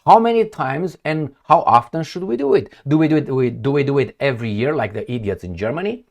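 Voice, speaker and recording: Brisk and animated, this mid-range male voice belongs to a political commentator from Eastern Europe. A native Romanian speaker talking in non-native English, he points at a map during his heated, sarcastic opinionated monologue.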